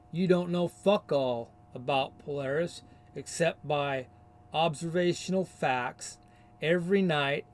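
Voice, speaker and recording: Guy on a slow angry rant, kinda high voice, mocking and insulting the whole way. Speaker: video commentator. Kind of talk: ranting rebuttal.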